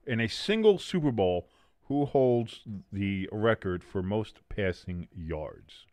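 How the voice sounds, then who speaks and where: Lively, rambling male watch-along host. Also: fairly low pitch, moderate pace, dry recording, studio quality. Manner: rambling, self-mocking, swears freely. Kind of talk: casual live game commentary with banter.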